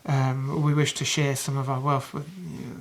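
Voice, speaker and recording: A man voicing an earnest, grateful male band leader, talking politely and haltingly with a New Zealand accent. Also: medium pitch, little pitch movement, vocal fry. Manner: halting, polite, hesitant speech.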